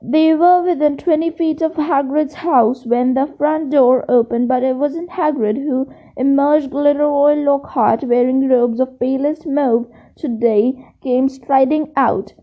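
A woman reading a storybook aloud, steady but with occasional slips and restarts. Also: high voice, unhurried, few pauses, dull audio. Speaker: reader. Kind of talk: audiobook reading.

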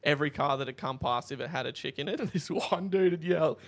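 Aussie male co-host, fairly high voice, animated yarn-spinner, casual chat. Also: quick pace, vocal fry. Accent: Australian. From Australia. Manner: animated storyteller, shouts out quoted lines. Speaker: podcast co-host.

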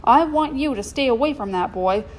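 A woman's voice: sits high, animated, normal speed, slight background noise, pitched above the performer's own voice. A woman voicing a grim, forbidding circus strong man in a storybook reading, speaking sternly and with threat. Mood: threatening.

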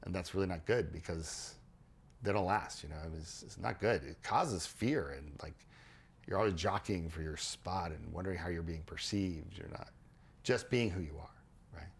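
A man hosting a podcast, explaining ideas in a casual, animated way with frequent restarts and repeated words. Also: low-pitched, moderate pace, vocal fry, breathy edge. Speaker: podcast host.

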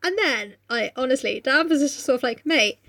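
Girl chatting about a book, sweary, a bit high pitched. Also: animated, brisk, a bit bright. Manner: chatty, swears freely, reads passages aloud. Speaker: podcast co-host. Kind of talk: casual book discussion.

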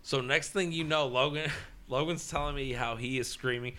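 A man telling stories in crude, casual banter with friends, profane and animated. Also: medium pitch, normal speed.

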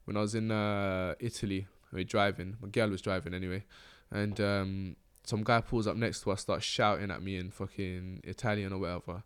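A man's voice: low voice, level tone, a little fast, hardly any pauses, clean tone. Slangy young man, rambling. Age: young adult. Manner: slangy, rambling, laughs often. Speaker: podcast host. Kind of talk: casual chat.

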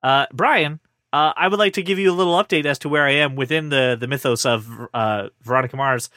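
A man hosting a casual pop-culture chat, animated and joking at his own expense. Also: mid-range voice, fairly quick, dry recording, clean studio sound. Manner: animated, joking, self-deprecating. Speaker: podcast host.

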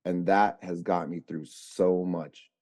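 Low creaky-voiced man, halting and reflective. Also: steady tone, darkish tone. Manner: halting, reflective, frequent fillers. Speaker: podcast guest in recovery. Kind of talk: casual conversation.

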